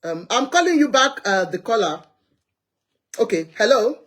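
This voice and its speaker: Animated, husky Nigerian woman host. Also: on the high side, normal speed. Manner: animated, chatty, rants and pleads. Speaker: host of a live call-in show. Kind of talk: opinionated live social commentary. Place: inside a heated car.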